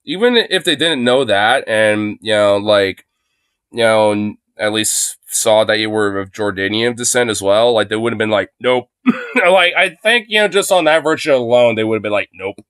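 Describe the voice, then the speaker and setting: A man's voice: fairly low pitch, expressive, normal speed, a bit bright, clean tone, no echo. A man streaming live commentary, rambling with constant fillers and frequent swearing. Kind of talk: livestream commentary. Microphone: phone.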